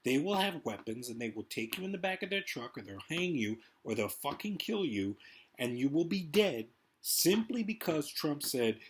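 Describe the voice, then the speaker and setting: Husky man ranting fast. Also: fairly high pitch, sing-song. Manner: rambling, profane, fast-talking. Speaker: vlogger. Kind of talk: ranting political monologue.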